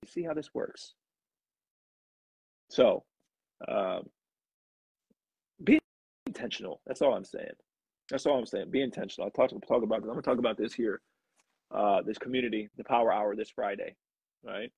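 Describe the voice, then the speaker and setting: Man, motivational live host, very raspy with fry, preachy repetition, dry lo-fi stream sound. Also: a little mellow, dry recording. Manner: preachy, repetitive, rising to emphatic highs.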